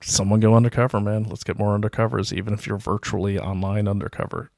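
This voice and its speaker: A man's voice: fairly low pitch, flat delivery, fast, creaky, a little mellow, dry recording, clean studio sound. A middle-aged man hosting his own livestream, rambling through anecdotes and reading viewer comments in a casual, self-deprecating way. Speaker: livestream host. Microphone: desk mic, self-produced stream.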